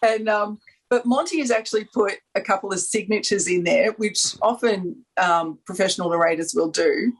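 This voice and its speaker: A woman's voice: mid-range voice, normal speed, breathy edge, poor audio. A woman with an Australian accent, chatting enthusiastically on a panel, rambling and laughing often. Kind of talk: casual chat.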